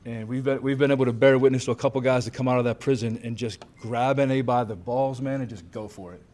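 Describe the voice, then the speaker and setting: Fast-talking man. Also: mid-range voice, steady tone, a little mellow. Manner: casual and candid, fillers like "man" and "dude", swears. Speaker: banquet speaker at a recovery conference. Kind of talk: personal recovery talk to a crowd. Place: banquet hall with a crowd.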